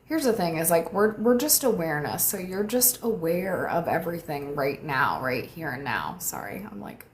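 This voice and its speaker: A young woman, a manifestation coach, chatting casually on a livestream, reading viewer comments and thanking them warmly with light laughs. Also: deep voice, very animated, normal speed, few pauses, slight background noise. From United States.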